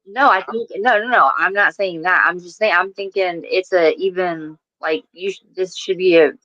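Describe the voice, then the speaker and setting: A woman's voice: on the low side, moderate pace, sharp tone, dry recording, lo-fi sound. A woman co-hosting a casual chat, talkative, often restarting her sentences. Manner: chatty, hesitant restarts. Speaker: co-host.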